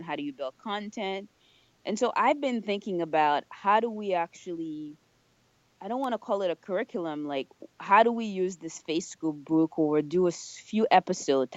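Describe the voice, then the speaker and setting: A woman's voice: low voice, a little mellow, no room sound, lo-fi sound. A middle-aged woman with a nonprofit background talking earnestly in a casual podcast conversation, often ending points with "right?". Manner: earnest, reflective, rhetorical "right?" tags. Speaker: podcast guest, nonprofit leader.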